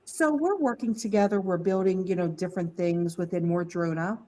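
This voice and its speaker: A woman's voice: lowish voice, moderate pace, slight background noise, low-quality recording. Candid woman telling a personal story. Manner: candid, animated, mimics voices in quotes. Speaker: podcast guest. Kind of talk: casual storytelling.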